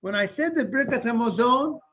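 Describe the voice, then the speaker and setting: A man's voice: very high voice, lively intonation, moderate pace, bright, forceful tone, muffled recording. A man who is a rabbi, teaching a Talmud study lesson. He explains step by step, often repeats and restarts his phrases, and breaks off to greet people as they join.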